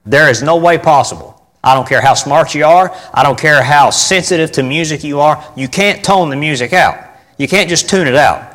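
A preacher with a somewhat high, fairly bright voice talks at a moderate pace about church music. Speaking conversationally in an informal sermon, he repeats key phrases for emphasis and asks the congregation for responses, and the recording carries a long hall reverb.

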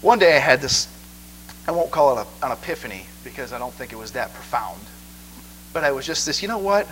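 A man preaching a sermon in an animated way, often checking in with listeners. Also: medium pitch, fairly quick, slight background noise, low-quality recording. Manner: animated, asks the crowd 'okay?' a lot.

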